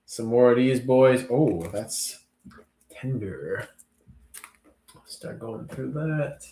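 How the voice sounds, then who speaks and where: A man's voice: medium pitch, drawn-out words, mellow, a little hiss or hum. A man hosting a live online auction in a casual, chatty way, joking playfully as he sorts and labels the lots. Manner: playful, jokey, chats while sorting and labeling. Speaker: livestream auction host.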